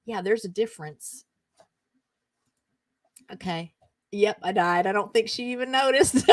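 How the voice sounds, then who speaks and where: Hosting her show, a middle-aged woman reads amusing texts in casual chat and keeps breaking into giggles. Her slightly high voice has lively intonation, a moderate pace, and frequent pauses, recorded without echo.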